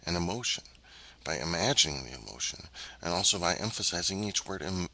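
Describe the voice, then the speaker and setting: Earnest man with a very low, bright voice. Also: gravelly, rough recording. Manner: earnest, measured, with frequent ums and uhs; emphatic, addresses viewers directly. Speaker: self-help teacher. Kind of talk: spoken self-help lesson.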